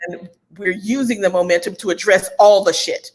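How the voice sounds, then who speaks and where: A woman co-hosting a relaxed talk show, her voice sitting in an ordinary middle register. She talks in an animated way, laughs often and fires off quick strings of agreement. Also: mid-range voice. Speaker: podcast co-host. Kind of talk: casual chat.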